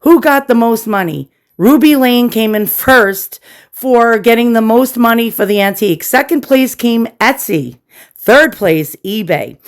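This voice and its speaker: A woman with a fairly high, animated voice and a New York accent speaks unhurriedly. An antiques collector and channel host, she runs a casual show-and-tell vlog, chatty and self-deprecating, and addresses her viewers directly.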